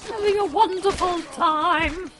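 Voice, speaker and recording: A woman hosting a casual let's play, excitable and giggly, shouting at the game as she plays. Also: very high voice, unhurried. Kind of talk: casual gameplay commentary. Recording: noisy game audio in background.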